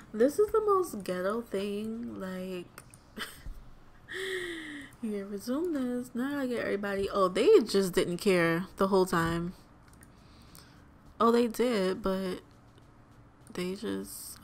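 A woman's voice: mid-range voice, animated, slow, vocal fry, pauses often, slight background noise. A young woman hosting a let's play, giving chatty, exclamatory gameplay commentary straight to her viewers.

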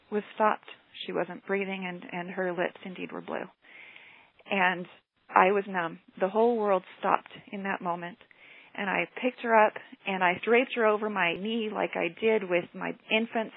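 A woman's voice: mid-range voice, creaky, slightly rough, no room sound. A woman teacher and motivational speaker telling a personal story in an earnest, reflective way, heard over a telephone line. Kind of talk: personal story told in a teleclass. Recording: tinny phone line, dry.

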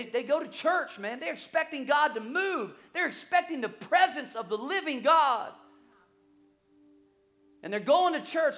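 A male pastor preaching a sermon, telling stories with lively acted-out quotes and quick repetitions. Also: high voice. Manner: animated storytelling, acts out quoted voices; repeats words when excited.

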